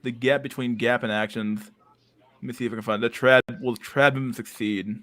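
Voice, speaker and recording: A man's voice: mid-range voice, fairly even intonation, brisk, fairly bright tone, dry recording. A man hosting a casual livestream chat, rambling and crude, packed with internet slang. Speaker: livestream host.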